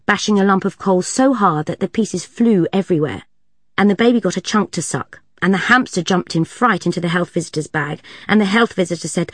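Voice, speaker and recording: A woman narrating a children's storybook aloud in an even, clear manner. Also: lowish voice, fairly quick, dry recording, clean studio sound. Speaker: audiobook narrator. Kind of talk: storybook reading.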